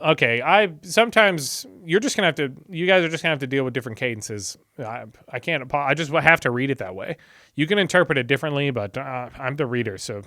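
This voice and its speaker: A man's voice: mid-range voice, expressive, fast talker, bright, forceful tone, no echo, clean studio sound. A man hosting a channel, reading scripture casually with chatty asides and tangents.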